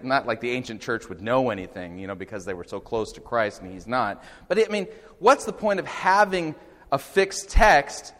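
A male lecturer speaks in a pointed, questioning way. His voice is slightly high, and it rings out with the long reverb of a lecture hall. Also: fairly bright tone. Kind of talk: critical lecture.

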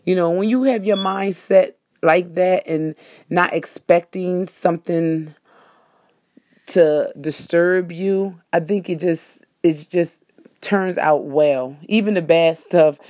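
A woman's voice: on the low side, slow pace, darkish tone, dry recording, clean studio sound. A woman hosting a casual monologue, talking straight to her listeners in a rambling, folksy way and correcting herself as she goes.

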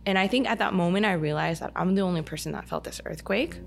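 A woman guest on a podcast, telling a personal story in a chatty, animated way with lots of "like". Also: fairly low pitch, quick pace, vocal fry, very noisy. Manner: chatty, heavy use of "like", animated retelling. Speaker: podcast guest, dance studio owner. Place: indoor podcast table over a meal.

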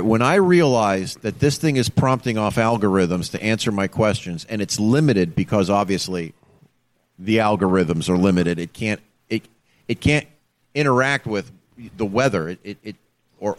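A man's voice: fairly low pitch, normal speed. A man, a former state trooper, telling a story in casual chat and acting out the voices of the people in it. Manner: animated storyteller, acts out the people he quotes.

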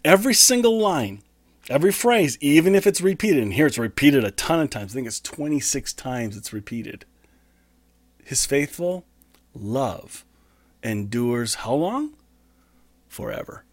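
A man preaching a conversational sermon as a pastor, reading scripture slowly and earnestly and then explaining it in a casual way. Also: mid-range voice, lively intonation, no echo.

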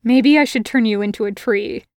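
A woman's voice: fairly high pitch, moderate pace, a little mellow, no echo, close to an everyday voice. A woman reading an audiobook voices a brooding male fae prince who snaps and hisses with anxious tension, staying close to her own voice. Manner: tense, snapping, hissing.

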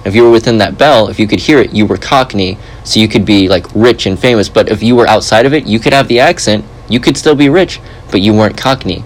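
A man hosting a podcast in casual chat, rambling and joking with animated asides. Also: on the low side, fast, hardly any pauses, low-quality recording. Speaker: podcast host.

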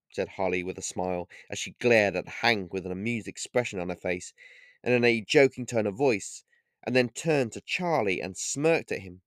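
A man reading his own short story aloud in a steady, measured narration. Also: fairly low pitch, no room sound, studio quality.

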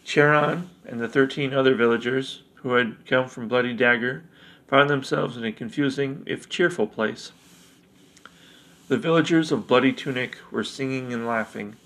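A man narrating a fantasy story in a measured way, with small slips. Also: mid-range voice, fairly bright tone, poor audio.

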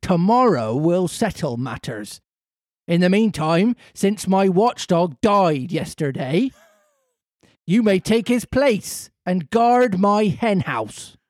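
A man voicing an angry, gruff middle-aged farmer with a put-on Cornish accent, speaking slowly and roughly. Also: high voice, very animated, a little mellow, no room sound, studio quality, voice pushed up, heavily acted. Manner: slow, rough, threatening.

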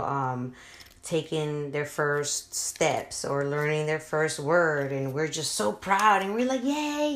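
A woman in her thirties hosting a podcast, talking casually and from the heart, with many filler words. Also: low-pitched. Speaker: podcast host. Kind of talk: casual motivational podcast talk. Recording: roomy echo.

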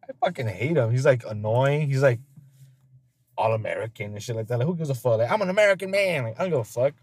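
A man's voice: medium pitch, fast talker, darkish tone, breathy edge. A man hosting a casual podcast chat, telling stories loosely with lots of swearing and frequent laughter. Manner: loose, profane storytelling; laughs often. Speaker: podcast host.

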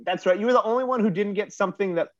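Higher-voiced man telling a rambling story. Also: rapid-fire, dry recording. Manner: rambling, self-mocking, swears freely. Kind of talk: casual storytelling chat. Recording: dull lo-fi dry recording.

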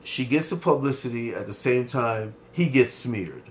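A man hosts his own podcast, ranting through casual commentary packed with New York street slang, swearing freely and laughing often. His mid-range voice moves at a moderate pace and stays animated, with slight background noise behind it.

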